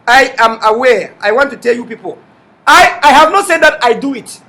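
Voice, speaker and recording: A man hosting an online TV show, addressing viewers in an emphatic, repetitive way with bursts of shouting. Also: very high voice, lively intonation, moderate pace. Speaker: online TV host. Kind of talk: impassioned livestream address.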